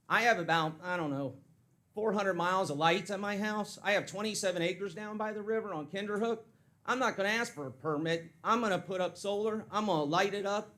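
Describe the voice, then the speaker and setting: Fired-up guy, highish voice, ranting at public comment in a county hall. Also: fairly bright tone. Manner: heated, blunt, ranting. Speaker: citizen speaking at public comment. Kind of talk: angry public comment speech.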